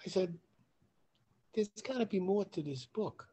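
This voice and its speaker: A man hosting a podcast tells an animated story, swearing casually and often while acting out both sides of the conversation, raising his voice for the quoted lines. His voice sits high and husky, and he speaks a little slowly.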